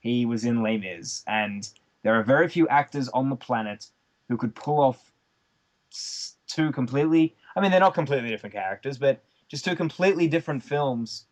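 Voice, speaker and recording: A man's voice: medium pitch, expressive, a little fast, lo-fi sound. A man, joking and laughing as co-host of a casual podcast chat. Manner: jokey, laughs often.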